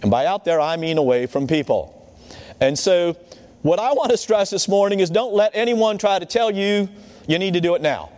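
Preaching in a conversational manner, this man has a high-pitched, slightly mellow voice that is expressive and moves at normal speed. He frequently checks in with his audience, and the recording carries a long hall reverb.

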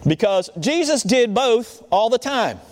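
A man's voice: very high-pitched, very animated, unhurried, slight background noise. A man preaching a sermon in a conversational way, often checking in with his listeners. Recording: long hall reverb.

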